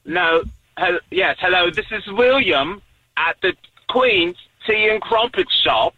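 A man's voice: high voice, lively intonation, slow pace, no echo, exaggerated voice. A man over the phone voicing a fake English tea shop clerk with a put-on English accent, evasive and mock-polite. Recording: tinny phone line.

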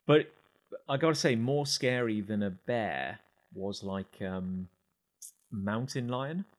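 A man's voice: on the low side, takes it slowly. A man co-hosting a podcast, chatting casually and telling travel stories with frequent laughter. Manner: storytelling, animated, laughs often. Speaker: podcast co-host. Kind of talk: casual chat.

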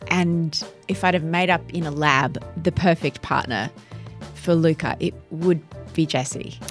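A woman's voice: deep voice, unhurried, faint music behind. A middle-aged woman co-hosting a podcast, talking in an effusive, emotional, storytelling way. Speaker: podcast co-host. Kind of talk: casual chat.

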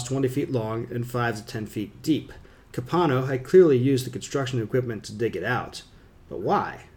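Male narrator for a first-person thriller audiobook, steady and wry. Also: mid-range voice.

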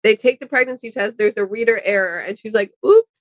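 A young woman co-hosting a casual chat, telling stories fast and casually with swearing. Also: mid-range voice, slight background noise. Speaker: podcast co-host.

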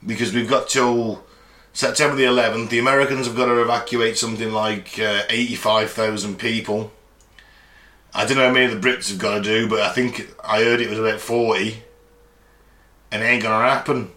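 Guy on a podcast, blunt and sweary, bright tone, echoey room. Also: on the low side. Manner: blunt, swears freely, acts out voices. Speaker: podcast co-host. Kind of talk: casual chat.

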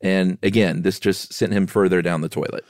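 A man co-hosting a podcast, explaining history in a relaxed way with playful asides. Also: low-pitched, moderate pace, no room sound, studio quality. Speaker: podcast co-host. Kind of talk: casual history chat.

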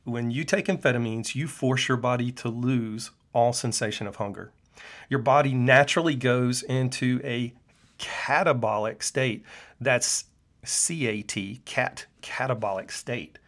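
A man's voice: medium pitch, unhurried, a bit bright. A middle-aged man, a clinician hosting his own show, speaking in an earnest, preachy personal monologue with frequent "uh" fillers. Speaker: podcast host and functional medicine clinician.

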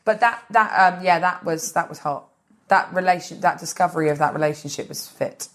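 A woman's voice: on the low side, brisk. A woman comedian talking as a podcast guest, gushing about films and tripping over repeated words. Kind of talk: casual comedic interview.

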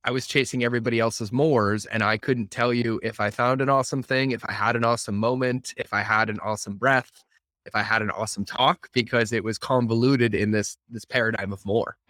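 Energetic man hosting a podcast. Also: mid-range voice, a little fast, dry recording, studio quality. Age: adult, working professional. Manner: energetic, emphatic, repeats words for effect. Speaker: podcast host. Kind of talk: casual podcast conversation.

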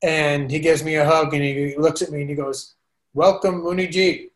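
Animated man telling his story. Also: a little high, brisk. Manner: animated, lively retelling with many restarts. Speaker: podcast guest. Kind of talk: casual storytelling interview.

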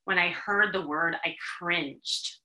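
A woman from Chicago, hosting a talk for women and telling her own story in an animated, confiding way with laughs and restarts. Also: fairly low pitch, slow pace, reverberant, low-quality recording. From Chicago, USA. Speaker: host, dating coach. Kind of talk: personal storytelling to an audience of women.

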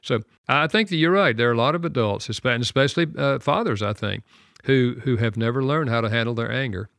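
An older man, a radio show guest, tells a personal story earnestly and reflectively, laughing softly now and then. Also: mid-range voice, a little fast, vocal fry, no room sound, clean studio sound.

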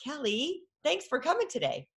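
A woman's voice: sits high, wildly swooping pitch, moderate pace. Chatty woman podcast co-host. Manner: chatty and upbeat. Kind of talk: casual podcast hosting.

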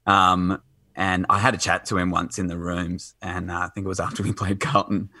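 A man's voice: low voice, level tone, normal speed, sharp tone, no room sound. A man chatting casually as a podcast guest, rambling with lots of fillers and restarts.

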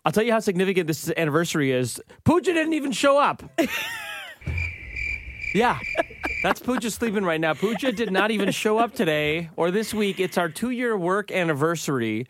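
A man's voice: high voice, very animated, normal speed, noisy background. A man co-hosting a radio show, talking in playful, teasing banter from a studio.

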